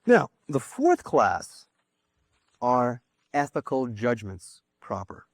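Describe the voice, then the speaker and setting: A man's voice: mid-range voice, huge pitch swings, takes it slowly, no room sound. A man giving a philosophy lecture to a class, thinking aloud with small restarts and asides.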